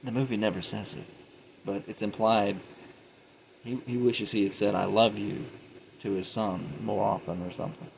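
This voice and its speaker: A man's voice: fairly low pitch, fairly even intonation, normal speed, gravelly, darkish tone, slight background noise, poor audio. A man giving a casual, rambling film review, retelling scenes animatedly and often laughing.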